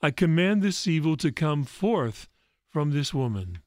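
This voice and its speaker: A priest reading the part of Jesus as a calm, firm healer in a story, speaking in slow, solemn commands. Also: male voice, on the high side, dry recording, studio quality, pitched above the performer's own voice.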